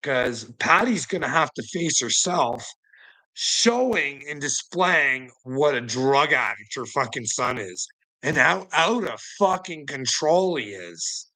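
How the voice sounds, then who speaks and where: A man's voice: mid-range voice, lively intonation, takes it slowly, bright, forceful tone, rough recording. A man ranting in a rambling monologue, mocking and profane, laughing often between lines. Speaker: vlogger.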